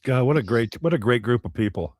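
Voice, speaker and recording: A man's voice: mid-range voice, animated, brisk, darkish tone, no room sound, clean studio sound. A man co-hosting a casual podcast, joking and chuckling in loose fragments. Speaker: podcast co-host. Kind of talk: casual chat.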